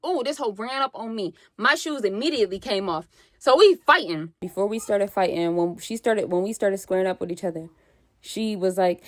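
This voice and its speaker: A young woman telling a story on her vlog, animated and slangy with plenty of swearing, acting out what people said. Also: medium pitch, normal speed, no room sound. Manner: animated, slangy and profane, acts out quotes. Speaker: vlogger.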